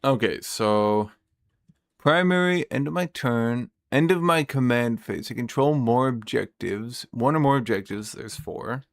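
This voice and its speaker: A man's voice: mid-range voice, measured pace, dry recording, clean studio sound. A man playing a tabletop wargame, thinking aloud, counting dice and swearing at his own mistakes. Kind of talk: casual play commentary.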